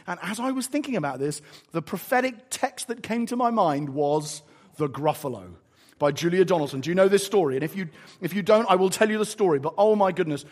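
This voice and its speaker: Animated preacher, highly expressive. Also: male voice. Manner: animated, emphatic storytelling. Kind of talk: sermon.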